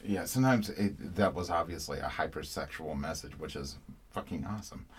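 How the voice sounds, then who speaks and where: Deep-voiced man hosting casually. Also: brisk, breathy edge. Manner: rambling, emphatic, with frequent fillers and restarts. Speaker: podcast host. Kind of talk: casual chat.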